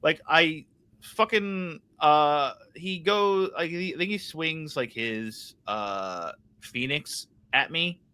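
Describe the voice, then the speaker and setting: A man's voice: a little high, animated, takes it slowly, pushed and bright, clear, resonant tone. A young man co-hosting a podcast, ranting heatedly and swearing a lot in casual chat. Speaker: podcast co-host.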